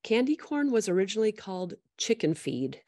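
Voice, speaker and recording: A woman's voice: mid-range voice, very animated, brisk, warm tone, no echo, studio quality. A woman hosting an interview podcast in a casual, bubbly way, laughing often and using many fillers. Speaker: podcast host.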